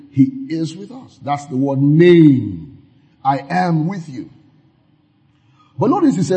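A man preaching a sermon, explaining scripture verse by verse and slowly repeating key phrases for emphasis. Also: on the high side, mellow. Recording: dull lo-fi sound.

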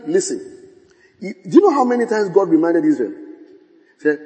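A man's voice: high-pitched, big pitch swings, fairly quick, pauses often, darkish tone. Preaching man in a reverberant hall. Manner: preaching with dramatic quoted voices and laughter. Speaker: pastor. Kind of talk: sermon.

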